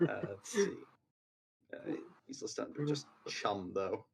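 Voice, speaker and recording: Man, game master, tabletop game narration, middle pitch, rambling, many fillers. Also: expressive, slow, gravelly, pauses often, fairly bright tone, slight background noise, poor audio. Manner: loose and rambling, full of fillers.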